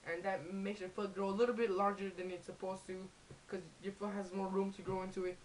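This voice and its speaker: A woman's voice: mid-range voice, flat delivery, fairly quick, slight background noise, poor audio. A young woman in a casual comedy vlog, rambling and swearing with many restarts. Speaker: vlogger.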